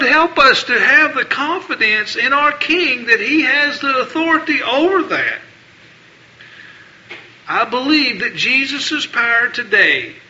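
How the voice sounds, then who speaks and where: A man delivers a sermon in a high, piercingly bright voice. He presses his points by repeating phrases and reads scripture aloud. The recording is dull and lo-fi. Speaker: preacher.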